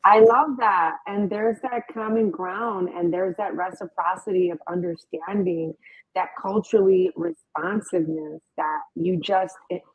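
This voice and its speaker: Husky woman on a tinny line. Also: fairly low pitch, steady tone, unhurried, dry recording. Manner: emphatic, uses rhetorical "right?". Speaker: host. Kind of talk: casual interview talk. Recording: dry tinny phone-like line.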